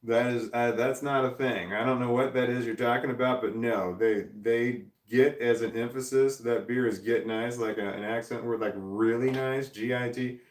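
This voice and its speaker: An American man hosting a casual livestream, reading viewer comments aloud and rambling, thinking out loud and trailing off. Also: medium pitch, fairly even intonation, normal speed, few pauses, roomy sound, recorded from a distance. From United States. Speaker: livestream host.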